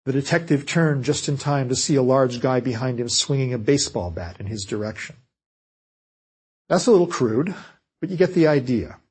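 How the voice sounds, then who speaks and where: Husky-voiced man giving a writing lecture. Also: medium pitch, darkish tone. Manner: measured, explanatory delivery. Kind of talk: scripted lecture.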